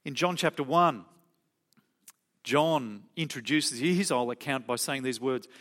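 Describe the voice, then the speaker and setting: A male preacher delivering a sermon. His pitch swings widely as he acts out quoted speech, then drops into quiet, soft asides.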